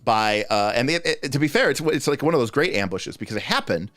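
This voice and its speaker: A man's voice: mid-range voice, expressive, a little fast, a bit bright, no echo, soft background music. A man hosting a livestream, talking casually in a rambling, chatty way that often breaks off mid-thought. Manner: rambling, chatty, self-interrupting. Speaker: host answering game master questions.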